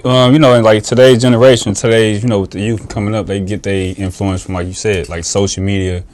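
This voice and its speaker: A low-voiced man hosts an interview, feeling his way through questions with lots of fillers and pauses. His talk is casual and loose, never pushing hard. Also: level tone, a little mellow. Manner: hesitant, filler-heavy questioning.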